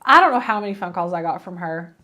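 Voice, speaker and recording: A woman's voice: on the low side, expressive, quick pace, bright, forceful tone, slight background noise. A woman in her thirties co-hosting a craft show, telling family stories in casual chat and laughing often. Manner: chatty storyteller, laughs often.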